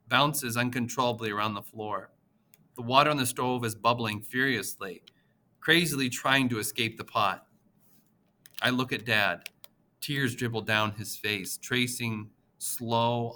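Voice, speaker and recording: A man narrating an audiobook in the first person, with an expressive, emotional reading. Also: medium pitch, a little slow.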